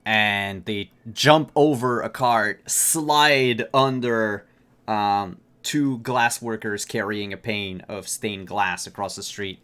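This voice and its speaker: A man running a tabletop game as game master, narrating in a relaxed way with frequent fillers. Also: on the low side, slow, smooth.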